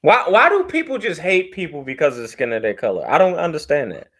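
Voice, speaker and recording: A joking, animated man co-hosting a casual podcast. His voice is bright and fairly high, and it swings widely in pitch. He laughs easily as he riffs. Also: quick pace. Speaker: podcast co-host. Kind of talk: casual banter.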